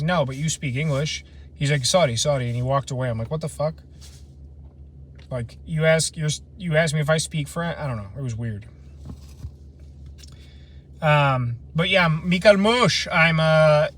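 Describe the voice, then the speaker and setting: Chatting with viewers outdoors at night on a phone livestream, a late-twenties man hosts a laid-back camping stream and reads out their comments. His voice is a little high with a fairly bright tone over slight background noise, and he's loose, slangy, rambling, and self-deprecating.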